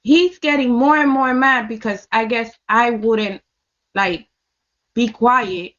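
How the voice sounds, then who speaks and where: A woman's voice: on the high side, slow pace, a bit bright, lo-fi sound. A woman telling a personal story in blunt, casual speech, swearing heavily and repeating lines for emphasis. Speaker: storyteller recounting her experience. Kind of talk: casual spoken testimony.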